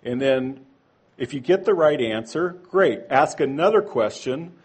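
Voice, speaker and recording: Husky-voiced man teaching a church class. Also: mid-range voice, lively intonation, unhurried. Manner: conversational, rhetorical asides; corrects himself aloud. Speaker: Bible teacher. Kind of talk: church training talk.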